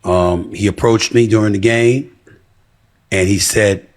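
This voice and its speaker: A man's voice: fairly low pitch, fairly even intonation, measured pace. A man in a played clip, firmly recounting an on-air incident and putting false reports to rest.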